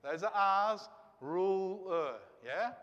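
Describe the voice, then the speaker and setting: A man with a high, light voice teaches a classroom of students, coaxing each one with questions and encouragement. His voice rings out with a long reverb, as if heard in a large hall. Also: animated, moderate pace, fairly bright tone, lo-fi sound. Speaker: Greek teacher.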